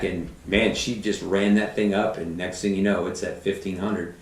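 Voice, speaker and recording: Deep-voiced man telling stories, roomy sound. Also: normal speed. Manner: rambling, animated anecdotes with voiced quotes. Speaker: guest, fire battalion chief and woodworker. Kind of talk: casual storytelling interview. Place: podcast studio. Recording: roomy, somewhat distant mic.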